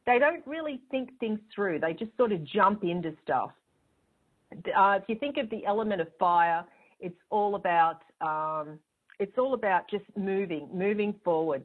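Chatty woman on a tinny phone line. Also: medium pitch. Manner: chatty, rambling, with fillers and restarts; smiling as she talks. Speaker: astrology show host. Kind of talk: casual spoken explanation.

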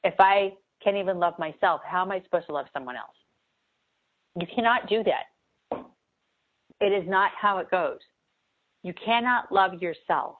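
A spiritual coach with a fairly low voice gives an earnest, emphatic motivational talk on manifesting. She speaks at a normal speed with long pauses, repeating key phrases for emphasis. The sound is tinny, as if through a phone.

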